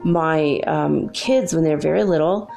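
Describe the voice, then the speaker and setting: A woman's voice: sits low, measured pace, gravelly, mellow, soft background music. A middle-aged woman hosting a spiritual talk show, telling stories in a chatty, rambling way with many fillers. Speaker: spiritual channel host. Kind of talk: casual spoken monologue.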